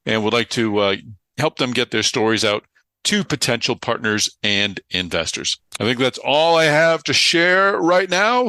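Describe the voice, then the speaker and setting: A male podcast host with a bright, forward voice and a middle pitch. He chats loosely and casually, with plenty of "uh"s. The sound is dry and close to the mic. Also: dry recording. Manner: chatty, loose, with frequent fillers.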